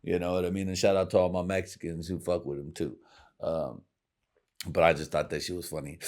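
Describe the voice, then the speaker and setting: Low-voiced profane podcast host. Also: male voice, flat delivery, brisk, darkish tone. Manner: rambling, profane, laughs at his own jokes. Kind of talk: casual profane podcast rant.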